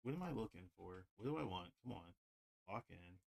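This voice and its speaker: A man's voice: low voice, animated, a little fast, creaky, darkish tone. A man livestreaming while he draws, chatting casually and rambling with lots of "like". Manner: rambling, heavy use of "like". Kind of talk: casual chat while drawing.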